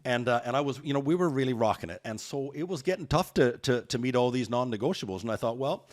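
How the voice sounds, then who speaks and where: A man telling stories as a guest in a podcast interview, energetic and rambling. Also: mid-range voice, fast talker. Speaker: guest realtor.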